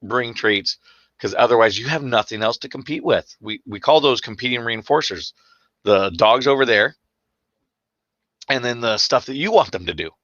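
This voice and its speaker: A man answering viewers' dog-training questions on a live stream, relaxed and chatty with many fillers and restarts. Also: moderate pace, dry recording. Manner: acts out excited dogs with sudden high squeals. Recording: dull, slightly lo-fi stream audio.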